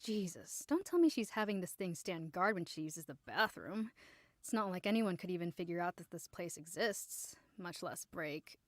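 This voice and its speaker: A woman's voice: fairly low pitch, lively intonation, moderate pace, dry recording, close to an everyday voice. A woman voicing a breezy young female superhero, casual and teasing.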